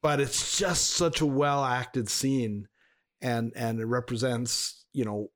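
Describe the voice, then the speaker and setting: A man's voice: medium pitch, steady tone, slow, a bit bright. Rambling man in casual podcast chat. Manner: rambling storyteller with many restarts. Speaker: podcast co-host.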